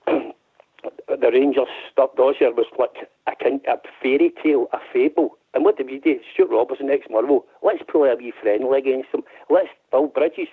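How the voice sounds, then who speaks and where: A Scottish man calling in to a football phone-in, passionate and frustrated, almost shouting. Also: on the high side, slightly rough. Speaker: caller. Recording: tinny phone line.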